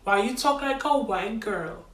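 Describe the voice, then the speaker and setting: A woman putting on the voice of a scornful female critic who taunts her with slow, nagging questions. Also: a little high, animated, reverberant, distant mic, slight background noise, voice pushed down. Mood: mocking.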